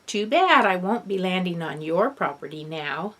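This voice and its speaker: A woman's voice: lowish voice, expressive, normal speed, a bit bright. A woman reading the part of a smug, gloating 12-year-old boy in a storybook. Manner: gloating, teasing.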